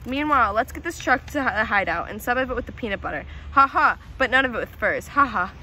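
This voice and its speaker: Storybook hijacker, male, polite and mock-formal, bright tone, read by a young woman. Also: fairly high pitch, expressive, fast, slight background noise. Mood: baffled.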